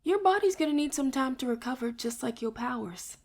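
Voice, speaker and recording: A woman's voice: high voice, animated, a little fast, a little mellow, voice pushed up. A woman voicing a tall, practical woman warrior who speaks in a matter-of-fact, reassuring way.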